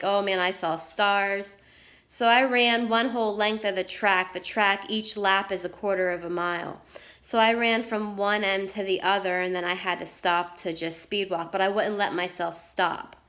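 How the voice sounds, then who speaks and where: A woman's voice: medium pitch, pushed and bright. A middle-aged woman writer telling a personal story in a candid vlog, earnest and repeating herself for emphasis. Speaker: writer vlogger.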